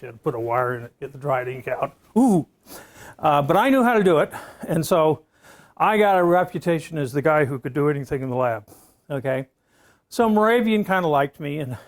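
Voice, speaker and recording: Speaking in a creaky, mid-range voice, a man of about seventy lectures his class through a lengthy tale. He's a professor, and he keeps checking in with "okay?" as the story goes on.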